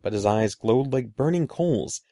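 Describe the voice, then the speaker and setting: A man narrates a creepy children's audiobook a little slowly, building suspense through expressive delivery. His voice is mellow yet gravelly, its pitch shifting freely, and the clean studio recording has no echo.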